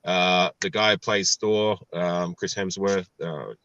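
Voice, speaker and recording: An Australian man in casual livestream chat as a guest, relaxed and hesitant, with frequent ums. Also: low voice, slow, no echo, highs cut off.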